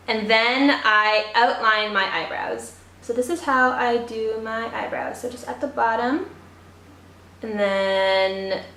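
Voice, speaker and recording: Young female beauty vlogger from Canada, higher voice, casual storytelling, roomy sound. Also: fairly bright tone. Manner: chatty storytelling with lots of "like". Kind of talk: get-ready-with-me makeup chat.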